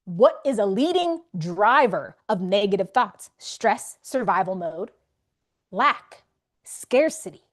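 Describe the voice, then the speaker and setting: A woman's voice: mid-range voice, animated, slow. A woman hosting a live faith coaching session, speaking conversationally and emphatically to her audience. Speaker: faith wellness coach and host.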